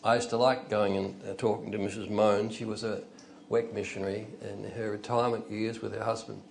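A man's voice: lowish voice, level tone, brisk, creaky, a little mellow, a little hiss or hum. An older man preaching an informal, conversational sermon, telling stories and rising into emphatic bursts. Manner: conversational, storytelling, chuckles, rises to emphatic bursts.

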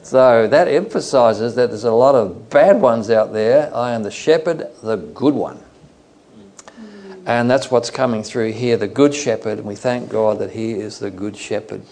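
A man from Australia leads an evening Bible study, talking it through in a relaxed, conversational manner. His voice has a gravelly edge, and he drifts off on small asides before coming back to the passage. He speaks at an ordinary middle pitch. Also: moderate pace, hardly any pauses. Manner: conversational, digressive, with fillers. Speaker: preacher.

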